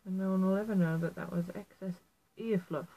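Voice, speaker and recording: A woman with a Yorkshire accent walks through a craft tutorial in a relaxed, chatty way. She talks at a middle pitch and keeps dropping in self-deprecating, apologetic remarks. She sounds like she is recording indoors at home. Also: brisk, low-quality recording. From Yorkshire, England. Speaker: felt artist teaching a tutorial. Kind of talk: casual how-to tutorial.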